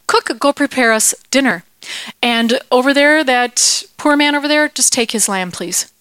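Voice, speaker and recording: A woman's voice: high voice, a little slow, fairly bright tone, smooth, dry recording. A woman voicing a greedy rich man who casually orders a servant around in a children's Bible story. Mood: breezy. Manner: casually commanding.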